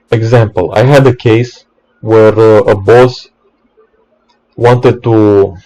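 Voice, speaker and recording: Man, low-pitched, mellow dark tone, exasperated rant, swearing, stammering restarts. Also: low-quality recording. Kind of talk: ranting monologue.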